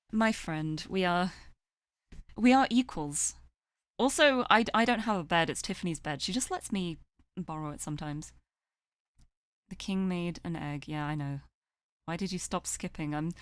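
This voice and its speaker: A woman's voice: lowish voice, lively intonation, moderate pace, dry recording. A woman streaming a game, chatting casually and playfully with viewers. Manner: playful, coos and baby-talks to her cat. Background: game music.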